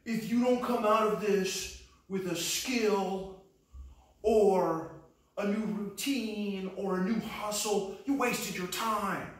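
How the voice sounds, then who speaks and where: A man's voice: high voice, slow pace, heavy reverb, recorded from a distance, pitched above the performer's own voice, low-quality recording. A man putting on a pushy hustle-culture bro who gives pep talks and keeps saying bro. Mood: pumped-up. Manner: pep-talk, calls everyone bro.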